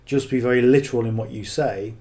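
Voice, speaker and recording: A man's voice: mid-range voice, fairly even intonation, fast talker, darkish tone. A man coaching on marketing in casual, unscripted talk, blunt and earnest, who keeps checking in with "okay?".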